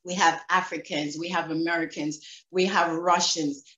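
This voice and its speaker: A woman with a Jamaican accent, a former track athlete telling stories in an interview, animated and laughing, acting out quotes. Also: lowish voice, normal speed, roomy sound, highs cut off. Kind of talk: reflective interview storytelling.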